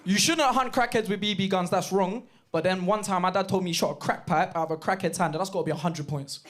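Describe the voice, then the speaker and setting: High-voiced man doing stand-up. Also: fast. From Jamaican heritage, East London. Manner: animated storytelling with bursts of shouted impressions. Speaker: stand-up comedian. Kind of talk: stand-up set. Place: comedy club stage. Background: audience laughter.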